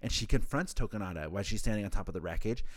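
A man's voice: fairly low pitch, racing, no echo, clean studio sound. A young man co-hosting a podcast, recapping a story in casual chat and acting out the lines. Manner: animated storyteller who acts out quotes. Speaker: podcast co-host.

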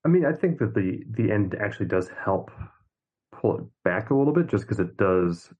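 A man co-hosting a podcast, chatting about a film in a relaxed, wry way. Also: on the low side, normal speed, dull audio. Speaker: podcast co-host. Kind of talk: casual film discussion.

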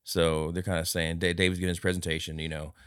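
A man's voice: low-pitched, fast talker, smooth, no echo, studio quality. A man co-hosting a casual movie review podcast, retelling scenes with lots of swearing and acted-out voices. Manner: animated, swears a lot, acts out lines in big voices. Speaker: podcast co-host.

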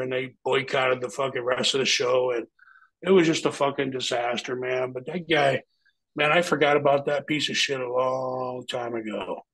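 A man's voice: medium pitch, a bit bright, rough recording. A middle-aged man, a former pro wrestler, telling a story as an interview guest in a blunt, heavily profane way.

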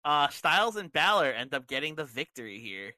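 A man's voice: fairly high pitch, very animated, fairly quick, pushed and bright, no room sound. A man co-hosting a podcast who moves the wrestling rundown along in a brief, matter-of-fact way. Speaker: podcast co-host. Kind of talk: casual wrestling recap chat.

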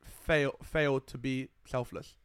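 A man's voice: medium pitch, a little slow, clear, resonant tone, no echo, clean studio sound. A young man, telling a film story in casual podcast chat, acting out the quotes and swearing freely. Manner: animated storyteller, acts out quotes loudly, swears, laughs often. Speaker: podcast host.

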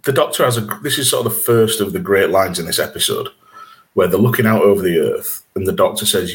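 A man's voice: sits low, lively intonation, fast talker. A man with a Yorkshire accent, co-hosting a casual podcast chat, chatty and given to swearing. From England. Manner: chatty, swears, laughs between points. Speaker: podcast co-host.

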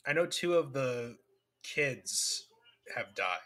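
A man's voice: mid-range voice, expressive, takes it slowly, bright, forceful tone. A man co-hosting a podcast in casual chat, talking hesitantly with many ums and restarts. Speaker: podcast co-host.

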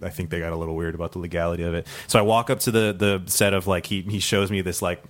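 A man's voice: low voice, fairly even intonation, quick pace. A man telling a long true story with many fillers, laughing now and then and acting out the other people in it. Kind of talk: storytelling for a live audience.

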